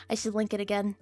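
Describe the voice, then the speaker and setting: A young adult woman streaming, chatting casually with viewers, rambling and giggly, swearing freely and jumping into squeaky high bits. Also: darkish tone.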